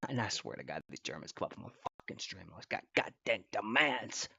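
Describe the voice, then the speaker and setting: A man's voice: fairly low pitch, big pitch swings, brisk, vocal fry, bright, forceful tone, husky, no room sound, dull audio. A man streaming from his computer, talking casually in a rambling, profane, trash-talking way. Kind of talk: casual live-stream reaction. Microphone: computer mic at desk.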